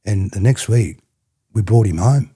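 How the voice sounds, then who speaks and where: Man, Australian accent, middle-aged, deep voice, raspy, rambling casual storyteller, podcast guest. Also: measured pace, warm tone. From country New South Wales, Australia. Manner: rambling, repeats "you know what I mean". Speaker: podcast guest, former rugby player.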